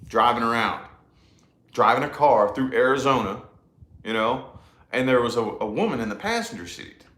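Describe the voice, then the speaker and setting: A man telling a personal story in loose, casual talk, with a relaxed drawl and frequent swearing. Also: mid-range voice. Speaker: podcast co-host. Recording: echoey room.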